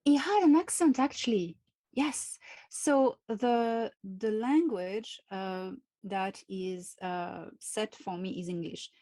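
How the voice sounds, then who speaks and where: A woman with a French accent, a native French speaker answering interview questions in English, speaking slowly and carefully with frequent hesitations. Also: mid-range voice, mellow, dry recording. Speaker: guest.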